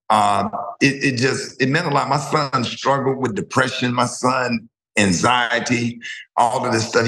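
A man with a bright, forward voice talks as a guest, emotional and rambling, repeating words as he goes. An echoey room rings around his voice. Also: mid-range voice. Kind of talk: emotional interview talk.

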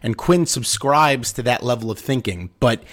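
A man with a mid-pitched voice hosting a sports podcast. He talks in a casual, earnest and opinionated way about the team and its coach. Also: normal speed, fairly bright tone. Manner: teasing, then earnest and opinionated. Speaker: podcast host.

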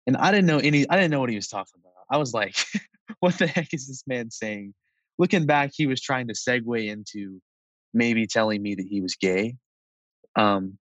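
A young man in his twenties tells a story from his own life in a relaxed, conversational way. His voice sits fairly low, and he scatters "like" through his sentences and breaks into small laughs. The sound is dry and close, with no room around it. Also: dry recording, highs cut off. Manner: conversational, with frequent "like" and soft laughs. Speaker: storyteller recounting a personal experience. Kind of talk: casual personal storytelling.

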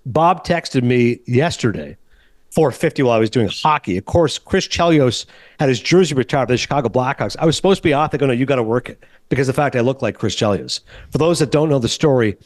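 A middle-aged man from Canada hosting a casual film podcast, telling animated stories and acting out other people's lines. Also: medium pitch, quick pace, no echo. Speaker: podcast host.

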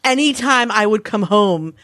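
A woman's voice: medium pitch, animated, normal speed, a bit bright, no room sound. A woman in her thirties co-hosting a podcast in casual chat, blunt and swearing freely as she acts out quoted arguments. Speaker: podcast co-host.

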